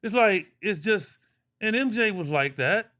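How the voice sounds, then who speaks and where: A man in his sixties from Chicago, a former pro basketball player, co-hosting a casual podcast and telling animated stories full of slang and trash talk. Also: high-pitched, unhurried, no echo, clean studio sound.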